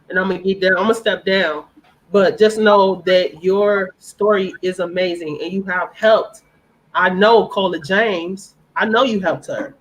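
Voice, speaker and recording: A woman's voice: mid-range voice, low-quality recording. A woman speaking on a live-stream panel, earnest and heartfelt, repeating phrases for emphasis.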